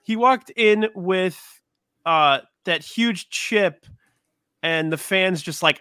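A man's voice: sits high, takes it slowly, sharp tone, clean tone, no echo, studio quality. A man in casual podcast chat, rambling and swearing with enthusiasm. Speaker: podcast panelist.

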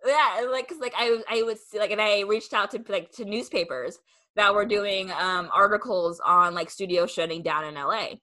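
A young woman hosts a casual podcast chat in a bright, clear voice. She talks in loose, rambling sentences full of "like," and slips into quoted replies as she tells her stories. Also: medium pitch, moderate pace. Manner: chatty, lots of "like" fillers, acts out quoted replies. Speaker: podcast host.

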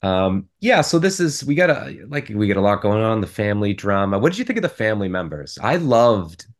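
Low-voiced rambling man discussing films. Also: very animated, a little fast. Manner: rambling, restarts often. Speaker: podcast co-host. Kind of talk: casual film discussion.

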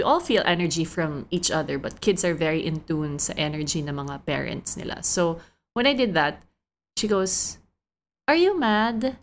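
A Filipino woman hosting a solo podcast, telling a personal story in a conversational, thoughtful way. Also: lowish voice. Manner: conversational, thoughtful, mixing languages freely. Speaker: podcast host.

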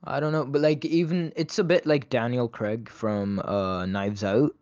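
A man's voice: medium pitch, animated, a little slow, darkish tone, dry recording, lo-fi sound. A man in a casual movie review chat, opinionated and chatty, with a lot of "like" between his words. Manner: opinionated, chatty, many "like" fillers.

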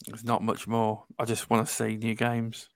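A man's voice: lowish voice, completely flat delivery, moderate pace, dry recording. A man hosting a casual gaming podcast, giving plain-spoken, rambling opinions. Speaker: podcast host. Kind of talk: casual panel chat.

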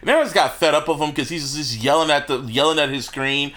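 A man's voice: a little high, brisk, few pauses, fairly bright tone. A man co-hosting a podcast, laid-back in casual sports chat, laughing and answering in short bits. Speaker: podcast co-host.

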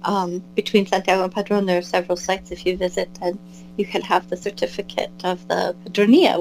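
A woman's voice: lowish voice, steady tone, fairly quick, creaky, soft background music, poor audio. An American woman chatting as an interview guest, rambling with lots of fillers and restarts. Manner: warm, wandering, many fillers and restarts. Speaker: guest, pilgrim and albergue volunteer. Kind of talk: casual interview chat.

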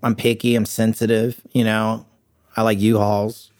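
A man's voice: on the low side, flat delivery, moderate pace, a little mellow. A middle-aged man as a podcast guest, joking irreverently and rambling through casual chat with lots of restarts.

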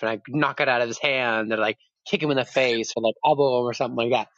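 A man's voice: mid-range voice, steady tone, fast talker, a bit bright, no echo. Dry-sounding man chatting. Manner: reactive, jokes in put-on voices. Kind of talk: casual podcast chat. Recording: dry, dull lo-fi recording.

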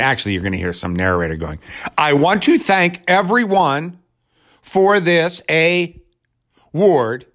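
A man's voice: low-pitched, gravelly, a bit bright. Sarcastic man ranting about movies. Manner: sarcastic, irreverent and crude, with mocking asides. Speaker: movie reviewer. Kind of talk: casual rambling movie review rant.

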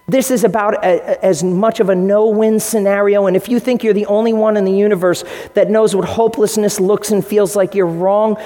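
A man's voice: sits high, darkish tone, long reverb tail. A male pastor preaching a sermon in an earnest way, acting out the quotes he tells. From United States. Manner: earnest preaching, acts out quotes in shifting voices. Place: church hall.

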